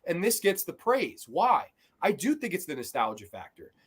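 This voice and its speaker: A man in casual podcast chat about movies, animated and swearing freely, often trailing off into fillers. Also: sits high, normal speed, slightly rough. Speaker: podcast co-host.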